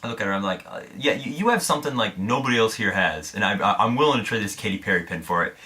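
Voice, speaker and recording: A man's voice: fairly low pitch, expressive, fast, pushed and bright. A young man from Indiana, a vlogger telling a story to camera in a candid, self-deprecating way, swearing freely.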